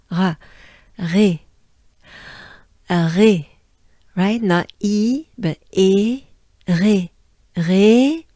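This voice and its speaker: Slow-drilling French woman teaching pronunciation. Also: mid-range voice, darkish tone, dry recording, clean studio sound. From France. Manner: repeats sounds patiently, coaching the listener along.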